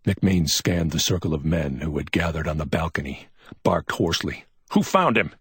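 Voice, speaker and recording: A man reading pulp crime fiction as an audiobook narrator, steady and even. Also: rumbling low, moderate pace, husky, no echo, clean studio sound.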